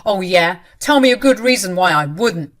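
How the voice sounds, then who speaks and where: Lady putting on a yelling cheating husband, loud, strained and high, for a storybook tale. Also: lively intonation, moderate pace, natural voice. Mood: defiant sneering. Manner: shouting, strained, high-pitched outbursts. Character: furious cheating husband, adult man.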